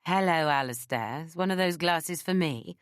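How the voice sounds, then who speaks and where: A smoky-voiced, pushy woman, as a narrator puts her on in an audiobook. The voice is a touch brighter than the narration, and the sound is very dry. She sounds sweet on the surface and sharp underneath. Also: deep voice, normal speed, no echo, natural voice. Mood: sly.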